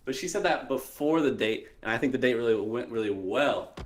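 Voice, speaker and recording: A young man calling in for dating advice, earnest and hesitant, often trailing off quietly. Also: medium pitch, lively intonation, brisk, a little hiss or hum. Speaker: caller asking for dating advice. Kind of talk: casual call-in chat.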